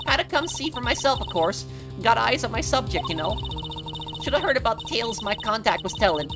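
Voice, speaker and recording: Gal putting on a folksy southern photographer lady, twangy drawl, pitched up high, game music behind. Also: lively intonation, a little fast. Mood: chatty. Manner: chatty, folksy, higher than her own voice. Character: brash young woman photographer, folksy. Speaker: game voice-over player.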